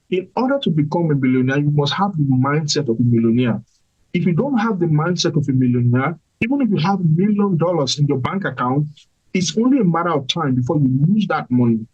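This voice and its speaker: A young man delivers a motivational talk like a sermon. He repeats his main points with emphasis. His voice sits a little high and has a husky edge. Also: expressive, brisk, dull audio. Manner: emphatic, repeats key phrases. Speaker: motivational podcast host.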